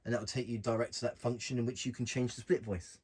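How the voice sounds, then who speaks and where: A man casually walking through keyboard functions in a relaxed, plain way, talking while he presses buttons. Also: mid-range voice, quick pace, slightly rough. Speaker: keyboard tutorial host. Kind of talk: casual instructional walkthrough.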